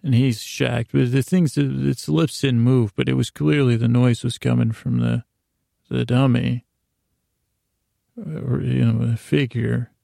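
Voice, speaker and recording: A man's voice: mid-range voice, steady tone, a little slow, vocal fry, warm tone, no room sound, studio quality. A man narrating an improvised story for a podcast, meandering with lots of restarts and asides. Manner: meandering, many restarts and "you know".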